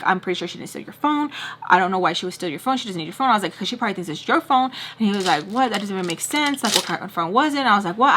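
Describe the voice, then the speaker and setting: Woman vlogger acting out a whole argument in her story, talks super fast. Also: mid-range voice, a little hiss or hum. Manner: fast animated retelling, acts out both sides of arguments. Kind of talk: casual storytime, quoting others.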